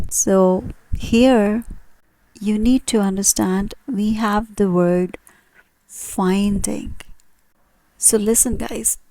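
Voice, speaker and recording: Woman, English teacher, unhurried, patient explaining, questions to viewers, dry recording. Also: medium pitch, mellow, no echo. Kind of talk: grammar lesson.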